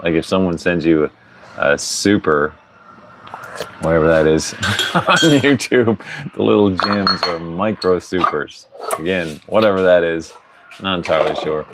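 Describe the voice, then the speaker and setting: A man with a low, unhurried voice hosts a casual livestream podcast outdoors against a noisy background. He's at a tiny home under construction with pigs nearby, rambling and chuckling often as he talks.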